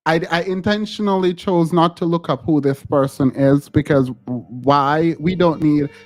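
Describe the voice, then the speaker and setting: A man's voice: a little high, unhurried, faint music behind. A male podcast host chatting casually and reading a news story aloud. He giggles often and stammers through restarts.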